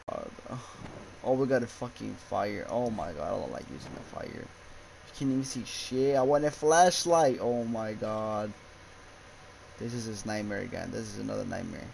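Jumpy and frightened, this young man swears, exclaims, and mutters anxiously while playing a horror game for his YouTube channel. He speaks on the low side at a moderate pace, expressive and darkish with vocal fry, over poor audio with a little hiss or hum.

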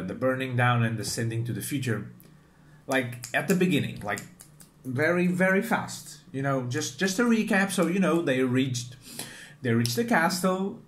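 A man hosting a casual reaction video, talking in a chatty, animated way and often restarting his sentences. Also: mid-range voice. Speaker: manga reaction video host. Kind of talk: casual commentary.

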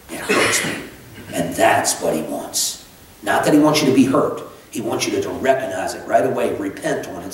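Pastor guy preaching casual, trips over his words a lot, sounds far off in a big echoey church. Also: medium pitch. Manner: conversational preaching with many restarts and asides. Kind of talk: sermon. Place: church sanctuary.

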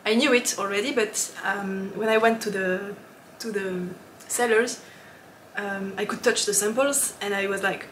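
A woman hosting a knitting podcast in a casual, chatty way, often laughing and pausing with ums. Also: medium pitch, steady tone, a bit bright, reverberant, slight background noise. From lives in Switzerland.

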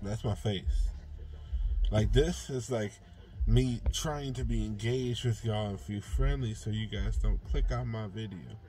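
Young man, earnest and rambling, mellow dark tone, casual talk to camera. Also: on the low side, measured pace, faint music behind, low-quality recording. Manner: drawls softly when relaxed, livelier when engaged. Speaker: vlogger.

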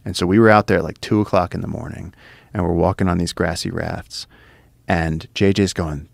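A man, a podcast guest, excitedly telling an adventure story with lots of fillers, restarts and swearing. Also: low-pitched, a little fast, creaky, no echo. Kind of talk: animated storytelling. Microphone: studio podcast mic.

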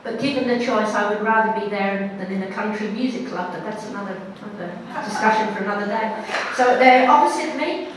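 A woman giving a talk to an audience, telling a personal story in an animated, wry and self-mocking way. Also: mid-range voice, fairly quick, noisy background. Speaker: guest speaker. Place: synagogue hall before an audience. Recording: echoey hall from far off.

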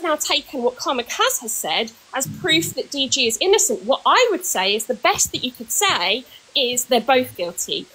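High-pitched woman lecturing folks in a heated live stream argument. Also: very animated, moderate pace, pushed and bright, breathy edge, poor audio.

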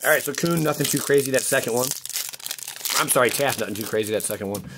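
Over a noisy background, a card-opening channel host speaks quickly at medium pitch. He gives casual commentary while opening packs, rambling with frequent restarts as his voice cracks.

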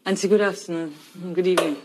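A woman's voice: lowish voice, fairly even intonation, fast talker, noisy background, natural voice. A woman playing an anxious, stammering young parent. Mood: pleading. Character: frightened young parent pleading with elderly aunt. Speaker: parent leaving child with grandmother. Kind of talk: film drama acting.

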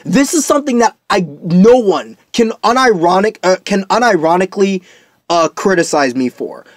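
A man's voice: sits high, lively intonation, moderate pace, no room sound, studio quality. A young man delivering a profane, heated off-the-cuff commentary rant, full of restarts. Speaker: commentary YouTuber.

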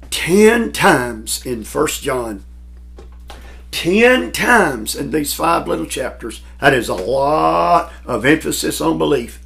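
Slow, gravelly male preacher. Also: a little high, a bit bright. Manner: emphatic, dramatic pauses and swells in volume. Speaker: pastor teaching a Bible class. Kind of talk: sermon.

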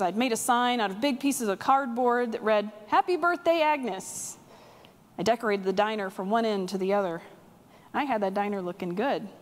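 A woman pastor preaching a sermon, telling a story vividly with acted dialogue. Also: on the high side. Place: church sanctuary. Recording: long-reverb church sanctuary.

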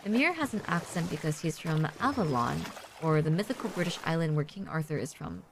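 A woman's voice: low-pitched, sing-song, fairly quick, background noise. A woman streaming a video game, chatting casually and rambling with many fillers as she plays. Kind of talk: casual chat while gaming.

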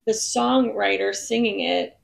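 In Nashville, a woman singer-songwriter appears as a guest on a casual podcast, spinning bubbly, rambling stories. Her gravelly voice is medium-pitched, steady in tone and unhurried.

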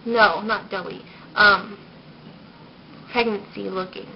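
Her mid-range voice moves at a slow pace with fairly even intonation and vocal fry as this young vlogger, recovering from a cold, offers a casual pregnancy update. She's shy and rambling, full of ums, and the home video is lo-fi, dull, and noisy.

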